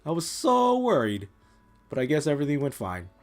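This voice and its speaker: A man doing a high, fretful young servant. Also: wildly swooping pitch, brisk, soft background music. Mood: worried. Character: fussy devoted male servant, anxious.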